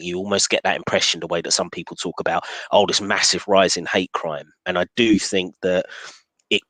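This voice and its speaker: Man, very low voice, halting casual talk, dry recording. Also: fairly bright tone, no room sound, low-quality recording. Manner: hesitant, many restarts and fillers. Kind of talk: casual discussion.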